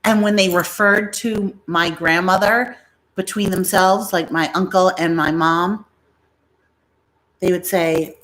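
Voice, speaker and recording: A woman's voice: lowish voice, fairly even intonation, measured pace, fairly bright tone. Chatty, rambling American woman streaming live. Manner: rambling, chatty, acts out family members' voices. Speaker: livestream host selling bags. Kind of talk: casual storytelling livestream.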